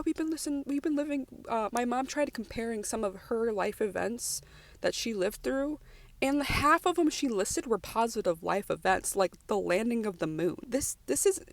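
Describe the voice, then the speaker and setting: Gravelly-voiced young woman rambling emotionally. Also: a little high, no room sound. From United States. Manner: rambling, emotional, many restarts and "like"s. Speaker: vlogger. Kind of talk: personal voice-over podcast.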